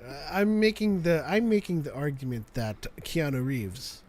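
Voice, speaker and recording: A man co-hosting a live show in casual chat, jokey and quick to laugh, trailing off and restarting. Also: on the high side, sing-song, darkish tone. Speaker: podcast co-host.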